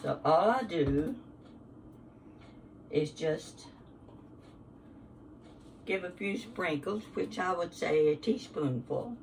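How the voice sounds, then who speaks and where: An older woman talks slowly and easily through a recipe in her home kitchen, chatty and homespun. Her voice sits a bit back from the microphone, with faint clinks of dishes and utensils around her. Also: on the low side, expressive, creaky, far from the mic, a little hiss or hum. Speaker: cooking show host. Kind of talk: casual cooking demonstration. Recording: kitchen sounds, voice somewhat off-mic.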